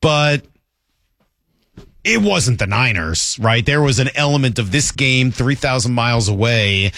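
A male sports talk host who rambles happily through football highlights and laughs often. His voice swings up and down in pitch, and the studio sound is dry and close. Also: expressive, unhurried, fairly bright tone, no room sound.

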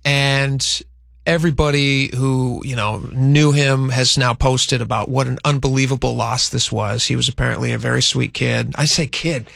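A man's voice: medium pitch, fairly even intonation, creaky, fairly bright tone, no room sound, clean studio sound. A man co-hosting a show, chatting casually about news stories and thinking aloud. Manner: conversational, thinks aloud, reads a statement aloud slowly.

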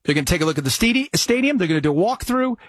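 A male radio host with a fairly high, husky voice, talking in a casual and excitable way. The sound is dry and close, with no room around it. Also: very fast, dry recording. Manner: excitable, animated delivery. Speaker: radio talk show host.

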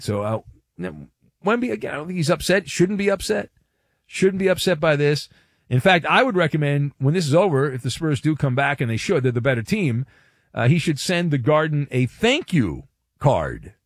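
Sports radio guy riffing, wry and theatrical, pitch all over the place, dry studio mic. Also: no echo. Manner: animated, wry and theatrical, stretching words for effect. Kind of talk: sports talk radio monologue.

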